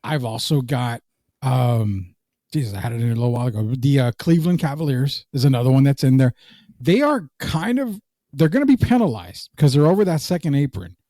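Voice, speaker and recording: A man's voice: medium pitch, lively intonation, brisk, warm tone, no echo, clean studio sound. A man co-hosting a casual sports podcast, joking and reading live comments aloud. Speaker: podcast co-host.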